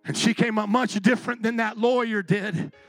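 A man preaching a sermon as pastor, impassioned, swinging from quiet and tender to shouting. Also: sits high, fairly even intonation, moderate pace, no echo, soft background music.

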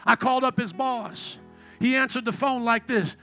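A man with a high, sharp voice and a gravelly edge preaches to his church. He tells stories full of joking asides and pulls the crowd in with call-and-response. Faint music plays softly behind him. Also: moderate pace. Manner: shouts at peaks of praise. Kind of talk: sermon with storytelling. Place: church before a congregation.

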